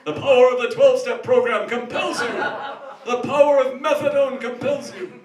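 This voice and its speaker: A man voicing an exorcist priest who commands a demon in a loud, preachy way. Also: very high-pitched, fairly even intonation, normal speed, pitched above the performer's own voice. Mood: commanding. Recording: echoey room from far off.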